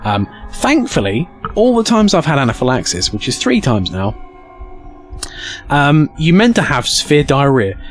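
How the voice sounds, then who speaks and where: Male storyteller, casual and jokey, very lively intonation, a little swearing. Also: mid-range voice, moderate pace, soft background music. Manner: animated, rambling, jokey, swears. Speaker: streamer telling a story.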